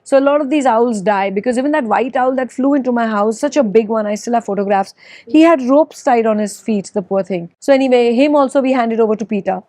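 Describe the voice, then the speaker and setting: A woman's voice: fairly high pitch, fairly quick, mellow, dry recording, clean studio sound. A middle-aged woman talking earnestly in a casual interview, with many fillers. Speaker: interviewee, actress and animal lover.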